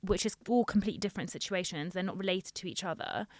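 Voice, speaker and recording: A woman's voice: lowish voice, quick pace, dry recording. Frank woman, dry close sound. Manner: frank, animated when telling stories. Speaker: dentist, podcast guest. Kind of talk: casual chat.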